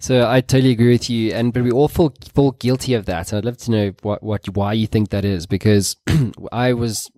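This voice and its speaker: A man's voice: fairly low pitch, fairly even intonation, a little fast, hardly any pauses, mellow, no echo, clean studio sound. A man hosting a podcast interview, talking in a loose, rambling way and swearing casually. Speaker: podcast host.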